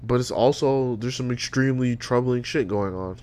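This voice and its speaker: A man's voice: medium pitch, normal speed, a little mellow, smooth. A young adult man hosting a solo podcast, ranting and rambling with lots of profanity. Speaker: podcast host.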